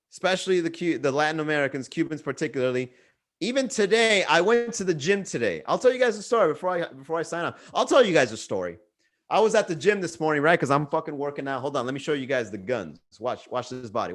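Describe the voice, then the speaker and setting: A young man hosting a comedy livestream podcast, talking loosely in a swearing, bro-talk storytelling way. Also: fairly high pitch. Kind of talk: casual livestream chat. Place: Miami.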